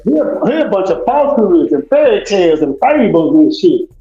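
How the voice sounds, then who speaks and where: A high-pitched man rants aggressively, stacking profane taunts over and over. His voice comes through an echoey, muffled call line. The delivery is combative and relentless. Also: sing-song, normal speed, dark tone. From Texas. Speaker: guest in a call-in debate. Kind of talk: heated livestream argument.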